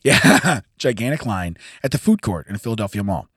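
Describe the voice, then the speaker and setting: A man's voice: lowish voice, very animated, fairly bright tone, breathy edge, no echo, clean studio sound. A man in his forties co-hosting a podcast, reading news items aloud and laughing often as he stumbles over the text. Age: 40s. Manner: laughs often, reads haltingly. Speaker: podcast co-host. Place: podcast studio.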